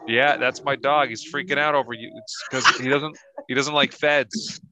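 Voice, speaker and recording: A man's voice: mid-range voice, fairly even intonation, heavy background noise, natural voice. A man playing a stubborn, sarcastic male shut-in who refuses to go. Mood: defiant. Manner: mocking, slow and stubborn refusals.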